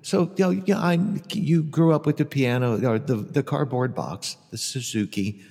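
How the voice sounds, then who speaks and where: A man's voice: medium pitch, moderate pace, vocal fry, a little mellow. A man interviewing a guest, asking rambling, friendly questions full of fillers. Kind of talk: casual interview. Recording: long reverb.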